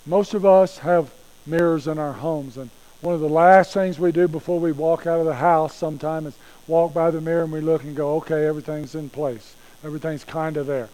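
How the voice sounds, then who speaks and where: A man's voice: a little high, fairly even intonation, brisk, dark tone, rough recording. A male pastor preaching a sermon in a folksy, conversational way, often repeating himself.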